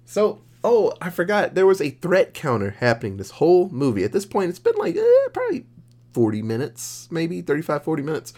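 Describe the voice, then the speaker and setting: A man co-hosting a podcast, casually recapping a horror movie plot with lots of swearing and jokes, slipping into quick voices for the characters. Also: on the high side, huge pitch swings, darkish tone. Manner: profane, jokey, acts out characters mid-recap. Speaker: podcast co-host.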